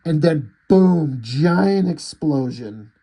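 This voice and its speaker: A man's voice: a little high, lively intonation, slow, mellow, breathy edge, rough recording. Rambling man recapping a comic. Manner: rambling, loose, swears casually, many "like"s. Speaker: comic book reviewer. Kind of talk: casual recap of a comic issue.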